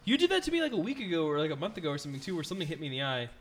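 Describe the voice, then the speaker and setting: A fast-talking man chatting on a podcast, his voice jumping around a lot. Faint noise sits under him. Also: a little high, huge pitch swings. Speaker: podcast co-host. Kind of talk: casual group chat.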